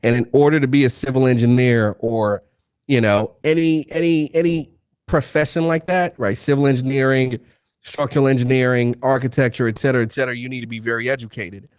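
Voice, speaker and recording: A man's voice: mid-range voice, fairly even intonation, fairly quick, a little mellow, clear, resonant tone, dry recording, clean studio sound. A man hosting a live debate stream, talking bluntly and profanely and pushing through interruptions. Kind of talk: heated casual debate.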